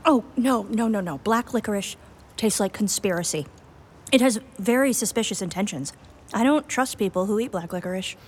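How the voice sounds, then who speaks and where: A woman's voice: medium pitch, moderate pace, slightly rough. A woman in a comic banter sketch, delivering playful, dramatic rhyming retorts.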